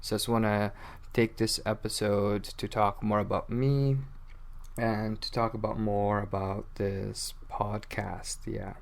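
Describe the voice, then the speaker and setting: A man hosting an unedited podcast for English learners and talking in a relaxed, chatty, informal way. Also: lowish voice, a little slow, gravelly. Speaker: podcast host. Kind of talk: unscripted casual podcast talk.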